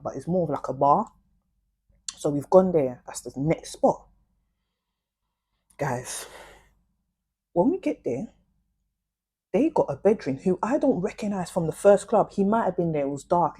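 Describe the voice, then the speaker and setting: A young woman, talking straight to her viewers in a casual, animated storytime full of slang. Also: low-pitched, breathy edge. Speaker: vlogger.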